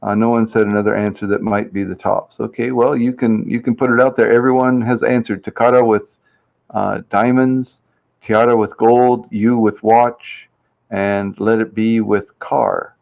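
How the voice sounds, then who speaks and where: Gravelly low-voiced man hosting a stream. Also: little pitch movement, moderate pace, narrow, tinny audio. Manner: chatty, reads viewers' answers aloud, laughs easily. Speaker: livestream host running a survey game. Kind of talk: casual live-stream chat.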